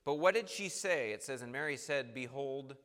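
A man preaching a sermon, moving between quiet asides and emphatic bursts and acting out the voices of the people in his text. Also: medium pitch, animated, normal speed. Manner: acts out quoted voices, swings between soft and emphatic. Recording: long hall reverb.

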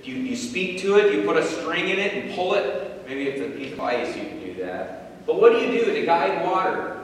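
A man's voice: a little high, far from the mic. A man giving an informal sermon, thinking aloud with repeated words and rhetorical questions. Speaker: preacher. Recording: very echoey hall, voice from afar, faint noise.

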